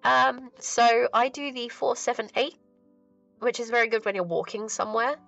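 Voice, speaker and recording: A woman's voice: fairly high pitch, fairly even intonation, moderate pace, gravelly. A woman chatting casually while she crafts on a stream, rambling and thinking aloud with plenty of fillers. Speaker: crafting livestreamer. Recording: dull lo-fi stream audio. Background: soft relaxing music.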